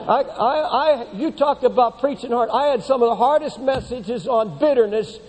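A man preaching a sermon with passion, climbing to high emphatic peaks, then dropping low and slow, and repeating words as he builds. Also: a little mellow. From United States. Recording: long hall reverb.

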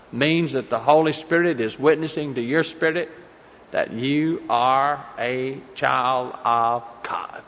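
A man preaching a sermon, swelling into loud emphasis and then dropping soft and low. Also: slight background noise. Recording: muffled recording in a large reverberant hall.

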